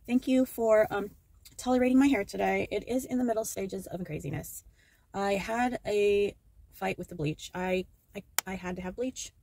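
Gravelly, excitable tarot reader woman. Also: medium pitch, normal speed. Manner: excitable, swears freely, jokes with viewers. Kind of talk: casual tarot card reading.

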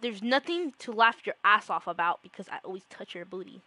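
Bright-voiced playful woman streamer. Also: medium pitch, lively intonation, a little fast, dry recording. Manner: playful, swings from hushed spy whispers to shrieks. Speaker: gaming streamer. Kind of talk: casual live-stream commentary.

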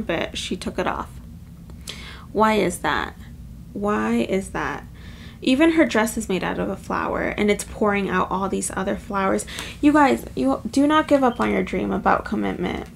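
A woman's voice: mid-range voice, gravelly, a little hiss or hum. A woman giving a casual pick-a-card tarot reading, chatty and emotional, with lots of filler words. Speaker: tarot reader.

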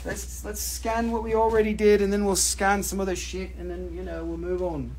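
A man with a notably high voice runs a live crystal sale, jumping from price to price in loose patter. He jokes around constantly and swears freely, rambling as he goes. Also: little pitch movement, moderate pace, background noise. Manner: joking, profane, rambling. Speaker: livestream crystal seller.

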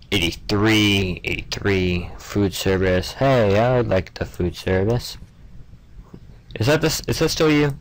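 Young guy, lowish voice, mumbles thru a game, trips over names and cracks little asides. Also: rough recording. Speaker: gameplay commentator. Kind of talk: casual let's-play commentary.

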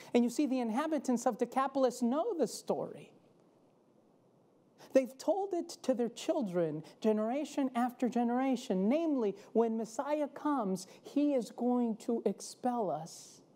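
A woman preaching a sermon in a slow, measured storytelling manner. Her tone is mellow and warm, with dramatic pauses that let each phrase land. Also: fairly high pitch.

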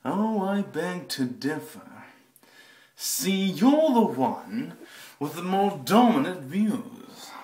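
A man voicing a sneering, taunting man with drawn-out, theatrical delivery, recorded in an echoey bathroom. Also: high voice, very animated, a little mellow, voice pushed up, heavily acted. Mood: bitter.

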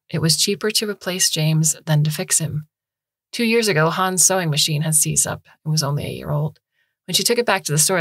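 A woman narrating a short story in a measured, even way. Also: deep voice, slightly rough, dry recording. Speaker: story reader. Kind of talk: scripted narration.

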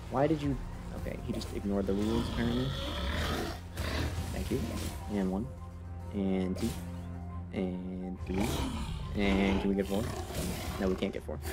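A man with a deep, steady voice streams a game, speaking a little slowly with long pauses. His commentary is casual and playful as he teases the on-screen characters and makes jokes at his own expense, over game music.

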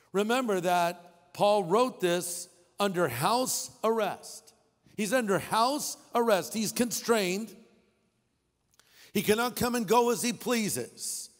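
A man preaching a sermon, lively and jokey, acting out little characters as he explains scripture. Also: high voice. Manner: animated, jokey, acts out characters. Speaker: pastor. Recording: long hall reverb.

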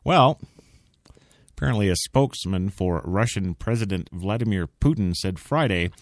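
A man's voice: on the low side, expressive, moderate pace, dry recording. A man hosting talk radio in a studio, rambling and sarcastic between laughs. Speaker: radio host. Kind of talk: casual talk radio banter. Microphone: studio mic.

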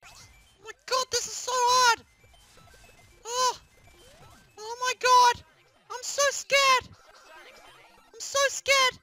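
A performer voicing a whiny, easily panicked young male plush hero in a comedic puppet gaming skit. He yelps and shouts in panic. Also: extremely high pitch, little pitch movement, extremely slow, long pauses, no room sound, soft background music, exaggerated voice.

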